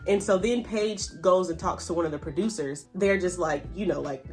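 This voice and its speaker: A woman casually recapping a reality show, chatty and animated, acting out what people said. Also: normal speed, faint music behind. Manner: chatty and animated, reenacts quotes with pitch jumps. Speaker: YouTube TV recap host.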